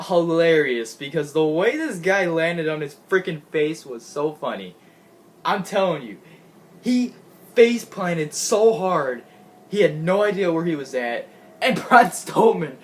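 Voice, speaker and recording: A man giving an excitable, gushing casual recap of a show he watched, laughing often and restarting his sentences. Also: a little high. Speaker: wrestling fan recapping a show.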